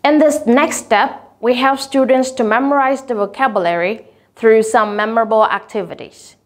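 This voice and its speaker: A woman giving a teacher-training talk on teaching vocabulary, speaking clearly and deliberately and drawing out example words slowly. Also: fairly high pitch.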